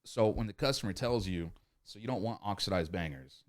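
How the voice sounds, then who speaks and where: Low-voiced man ranting casually, lots of swearing. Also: animated, brisk. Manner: profane, rambling, acts out customer scenes. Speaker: podcast host. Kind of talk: casual sales-tips podcast monologue.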